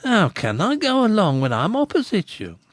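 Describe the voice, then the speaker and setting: A man voicing a gossipy village innkeeper who flatters and teases in a rustic dialect. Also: sits high, moderate pace, dry recording, studio quality, voice pushed up. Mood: flattering. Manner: smooth, teasing flattery.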